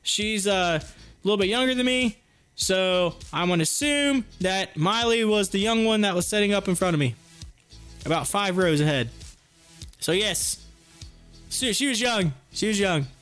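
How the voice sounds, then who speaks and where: A man's voice: high-pitched, moderate pace, a bit bright, clear, resonant tone. A man, chatting casually on a livestream. He rambles, repeats himself and restarts his sentences, and faint music plays behind him. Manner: rambling, repeats words and restarts, chuckles often. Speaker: stock trading livestream host.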